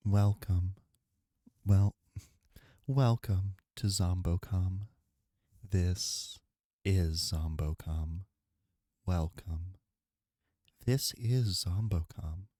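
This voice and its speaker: A man putting on a slow, drawn-out, mock-soothing announcer voice. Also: sits low, mellow, no room sound, clean studio sound, pitched below the performer's own voice. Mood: mock grand.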